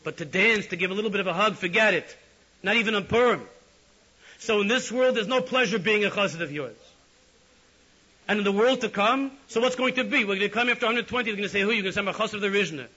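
A man's voice: level tone, a little fast, long pauses. A man playing a passionate devoted Hasid. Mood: impassioned. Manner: impassioned pleading, climbing higher and louder. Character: bold devoted male Hasid challenging his rebbe. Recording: lo-fi with faint hiss.

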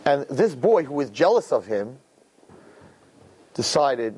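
A man telling a parable in a conversational, animated way, often checking in with "right?". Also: medium pitch, slow pace, slightly rough. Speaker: storyteller. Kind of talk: animated storytelling talk.

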